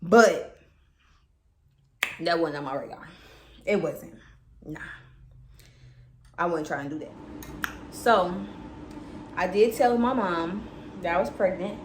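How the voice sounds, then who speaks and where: With a lowish voice, a young woman vlogger takes her time and pauses often as she chats candidly to viewers. She swears freely through the storytime, recorded in an echoey space with background noise.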